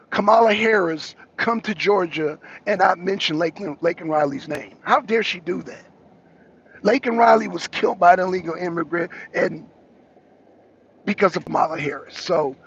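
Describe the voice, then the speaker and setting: A man's voice: sits high, creaky, fairly bright tone, slightly rough. A man co-hosting a political talk show, giving heated, rambling commentary full of restarts and asides. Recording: dull lo-fi audio.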